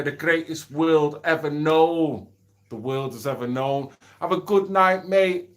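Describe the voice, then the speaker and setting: A middle-aged man talks casually on a home livestream. His voice sits a little high for a man, and he speaks bluntly and swears freely. He reads out and answers viewer comments as he goes. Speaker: livestream host.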